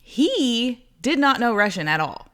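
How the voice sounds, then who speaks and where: A woman co-hosting a podcast in casual chat, enthusiastic and gushing, quick to laugh. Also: on the high side, big pitch swings, a bit bright. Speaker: podcast co-host.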